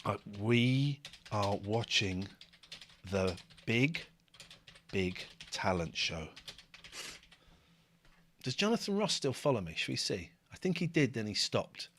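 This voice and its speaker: Give me an excitable, joking man hosting a livestream. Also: fairly low pitch, slow, pauses often, a little hiss or hum. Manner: excitable, jokey and sweary. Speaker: livestream host. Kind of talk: casual live commentary. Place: home living room.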